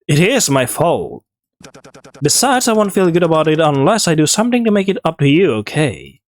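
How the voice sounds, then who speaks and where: A game player voicing a gentle, apologetic young man, reading a visual novel aloud in a soft, halting way. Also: medium pitch, very animated, natural voice.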